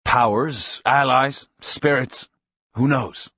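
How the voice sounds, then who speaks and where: A man voicing an old male sorcerer, cryptic and urgent, speaking in a hushed, secretive way. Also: medium pitch, takes it slowly, breathy edge, no room sound, studio quality, full character voice. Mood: mysterious.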